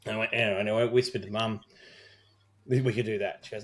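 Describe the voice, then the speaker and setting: A lowish, steady-toned voice delivered briskly comes from a middle-aged Australian wedding celebrant who co-hosts a podcast. Chatting casually, he rambles through a story thick with quoted dialogue and swearing.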